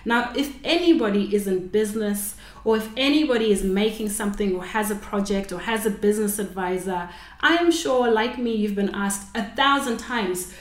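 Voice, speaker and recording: A woman hosts her unscripted podcast solo, thinking out loud reflectively, rambling and self-correcting. She has a medium-pitched voice at a moderate pace, recorded with a roomy echo.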